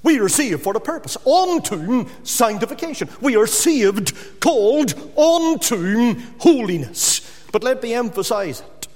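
Man, preacher, sermon, high voice, swooping intonation, emphatic hushed drops. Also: big pitch swings, long reverb tail. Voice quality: emphatic, with drawn-out stressed words and sudden drops to a hush.

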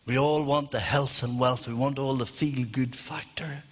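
A man's voice: mid-range voice, steady tone, moderate pace, slightly rough. A man preaching a sermon in a church, fervent and emphatic.

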